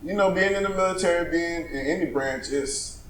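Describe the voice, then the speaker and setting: A man with a slightly high voice co-hosts a podcast, talking casually and often restarting his sentences. His voice sounds roomy and echoey, with faint noise underneath. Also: fairly quick, fairly bright tone. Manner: casual, stammering restarts, laughs along. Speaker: podcast co-host. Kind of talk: casual chat.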